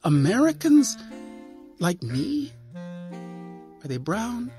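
A man's voice: high-pitched, big pitch swings, very slow, warm tone, soft background music, pitched above the performer's own voice, full character voice. A man voicing a timid, curious young boy who asks hesitant questions in a storybook reading. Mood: wondering.

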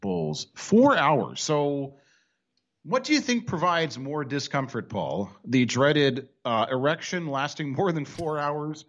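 A man's voice: a little high, lo-fi sound. A man hosting a casual sports talk show, wisecracking and rambling with frequent restarts.

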